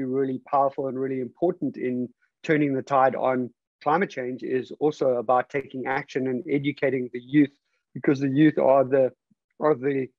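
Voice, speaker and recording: Man hosting, flat even delivery, rambling, dry muffled call sound. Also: medium pitch, no room sound. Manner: rambling and halting, many fillers and restarts. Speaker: interview host.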